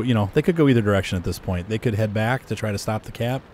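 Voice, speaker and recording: A man giving casual gameplay commentary in a relaxed, chuckling manner. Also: fairly low pitch, quick pace, slight background noise. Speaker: game commentator.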